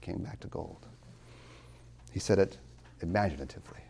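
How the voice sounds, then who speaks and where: A man teaching a class as a college tutor, emphatic, asking rhetorical questions and slowing down to stress key words. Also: low-pitched, creaky, mellow, a little hiss or hum. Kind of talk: classroom lecture on poetry.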